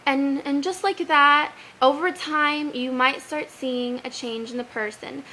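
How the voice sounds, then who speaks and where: A young woman giving earnest advice in a casual vlog, animated and sincere, quoting scripture now and then. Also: sits high, unhurried, a little hiss or hum, low-quality recording. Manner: earnest, animated, quotes Bible verses.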